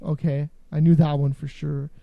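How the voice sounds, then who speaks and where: A man hosting a casual call-in show, rambling and joking with frequent halting restarts. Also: a little high, flat delivery, creaky, no room sound, phone-quality sound. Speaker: podcast host.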